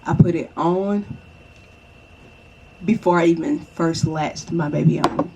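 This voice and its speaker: A woman's voice: low-pitched, slow pace, background noise. A young woman chatting casually and reassuringly to the viewer, often checking in with "okay?". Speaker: vlogger. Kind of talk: casual advice chat.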